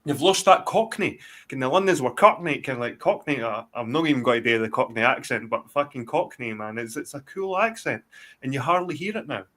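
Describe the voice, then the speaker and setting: A man's voice: medium pitch, expressive, a little fast, bright, forceful tone. A man with a Scottish accent, talking bluntly in a rambling, heavily sworn live-stream chat. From Scotland. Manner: blunt, heavy swearing, rambling. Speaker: guest.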